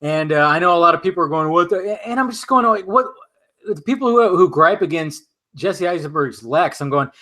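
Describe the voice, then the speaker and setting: A man hosting a casual film chat, tipsy from vodka, talking in an animated, profane, rambling way with many restarts. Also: on the high side, fairly quick. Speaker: host.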